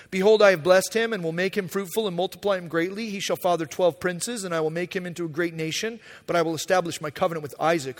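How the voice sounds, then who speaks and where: A man preaching a sermon, animated, acting out paraphrased dialogue in a casual voice. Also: high-pitched, long reverb tail. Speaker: pastor.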